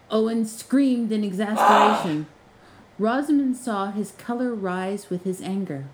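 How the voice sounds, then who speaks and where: A woman narrating a fiction podcast in an expressive, measured storytelling voice. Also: on the low side, a little hiss or hum, rough recording.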